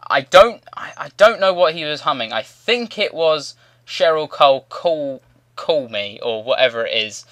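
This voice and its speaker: A man's voice: fairly high pitch, expressive, moderate pace, fairly bright tone, no room sound. Cheeky, rambling young guy. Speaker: channel host. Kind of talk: casual rambling vlog commentary.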